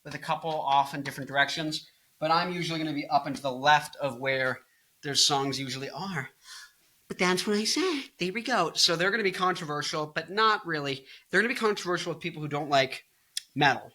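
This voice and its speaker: A man's voice: a little high, lively intonation, fairly quick, pushed and bright. A man in his twenties, a rock guitarist and singer, giving casual music commentary and thinking aloud as he explains. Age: 20s.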